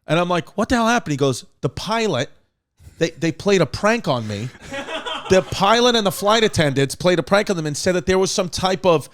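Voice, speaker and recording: A man co-hosting a podcast, telling a story in a lively, casual way, acting out the quotes and laughing. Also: high voice, moderate pace. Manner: lively, acts out quotes, laughs while talking. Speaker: podcast host.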